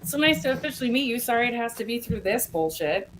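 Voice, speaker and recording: A woman's voice: on the high side, lively intonation, fast, a bit bright. A woman hosting a livestream, speaking in a heated, confrontational way and swearing often. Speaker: livestream host. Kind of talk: angry livestream address.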